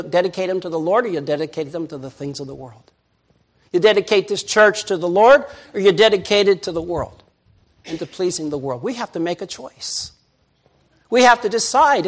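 An older man preaching a sermon as pastor, dropping to soft murmurs and rising to loud shouts. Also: high voice.

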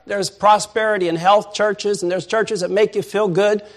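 An older man preaching a sermon as pastor, dropping to soft murmurs and rising to loud shouts. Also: sits high, moderate pace.

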